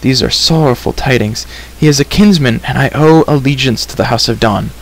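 A man's voice: medium pitch, fairly quick, lightly acted, poor audio. A man voicing a chatty wandering bard who talks in a flowery, apologetic way, in a storybook reading. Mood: earnest. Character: chatty wandering male bard, flustered and wordy.

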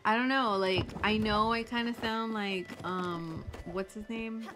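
An excitable young woman, a gaming streamer, gives casual commentary as she plays, swearing freely, gasping and exclaiming. Her mid-range voice is unhurried, and loud game music plays behind it.

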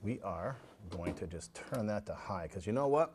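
A man's voice: on the low side, expressive, moderate pace, noisy background. Chatty man hosting a home cooking show. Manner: chatty, tasting food and talking to viewers as folks.

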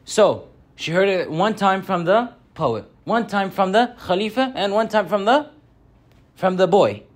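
A young man giving a Friday sermon as a story, animated and slowing down on key points. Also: high-pitched.

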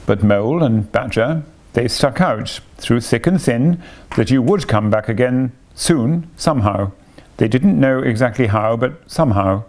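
A man's voice: medium pitch, lively intonation, unhurried, a little mellow. A man voicing a sensible, earnest male water rat who speaks emphatically in a read-aloud storybook. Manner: emphatic, impressive.

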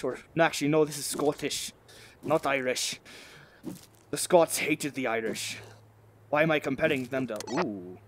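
A man playing a VR game at home, giving casual, excitable commentary through a headset microphone. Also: mid-range voice, moderate pace, long pauses. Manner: excitable, exclaiming, joking. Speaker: gaming video creator.

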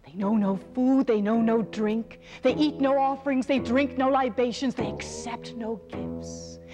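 Slow incantatory woman storyteller. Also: fairly high pitch, big pitch swings, over music. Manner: rhythmic, incantatory, dropping to whispers. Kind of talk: dramatic storytelling performance.

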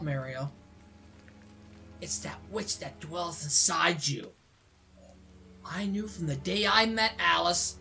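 A woman's voice: on the high side, sharp tone, pitched below the performer's own voice, exaggerated voice. A woman reading the lines of a proud older brother in a game, firm and intense.

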